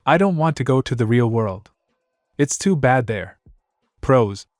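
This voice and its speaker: A man's voice: medium pitch, expressive, unhurried, darkish tone, no room sound. Male narrator, first-person fanfic, wry complaining tone, dry booth sound, faint music bed. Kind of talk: first-person fan fiction reading.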